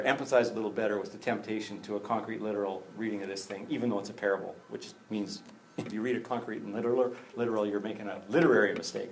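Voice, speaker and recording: A man preaching a conversational sermon, animated, with jokey asides and acted-out bits of dialogue. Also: on the low side, a little hiss or hum. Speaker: pastor.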